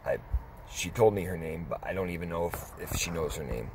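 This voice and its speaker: A middle-aged man telling a story in a casual, rambling way, pausing and restarting as he goes. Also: low voice, noisy background. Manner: rambling, conversational, with pauses and restarts. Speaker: dog vlogger.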